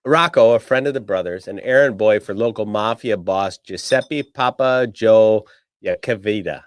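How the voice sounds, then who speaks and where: A man's voice: lowish voice, moderate pace, clear, resonant tone. A man co-hosting a podcast, chatting casually and recapping a film with lots of swearing and joking. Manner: profane, joking, recaps plots. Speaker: podcast co-host. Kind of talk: casual chat.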